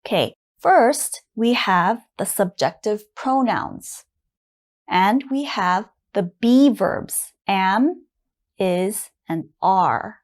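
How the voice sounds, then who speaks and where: Slow, patient woman teaching English. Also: medium pitch, lively intonation. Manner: patient, clearly enunciated, repeats words for learners. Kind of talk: slow beginner grammar lesson. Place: classroom at a board.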